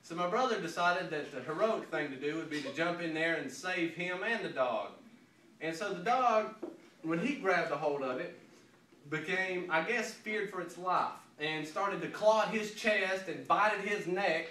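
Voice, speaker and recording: A man's voice: sits high, moderate pace. A man being interviewed, telling a comic anecdote in a casual way and laughing through it. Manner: animated, laughing anecdote teller. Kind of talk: casual storytelling. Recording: echoey room, mic at a distance, faint noise.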